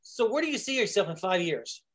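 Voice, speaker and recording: An interviewer who speaks only in short bursts. The questions come out casual and teasing, with a lively rise and fall in pitch. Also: brisk.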